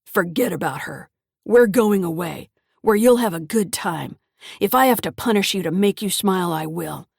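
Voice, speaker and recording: A woman voicing a gruff, bullying older grandfather with a violent temper, barking commands in a dry, close recording. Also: lowish voice, animated, normal speed, no room sound, full character voice. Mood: threatening.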